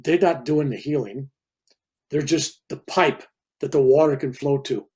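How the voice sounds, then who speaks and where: An older man in his seventies, a reverend, telling a personal story in a loose, animated way and acting out the people in it. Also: a little high, unhurried, breathy edge. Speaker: reverend and guest speaker. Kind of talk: casual storytelling interview.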